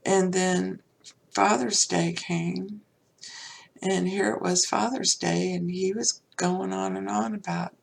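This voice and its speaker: Older woman with a gravelly, husky voice. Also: on the low side. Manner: rambling, heartfelt, many fillers. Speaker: podcast host. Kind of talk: personal spiritual talk.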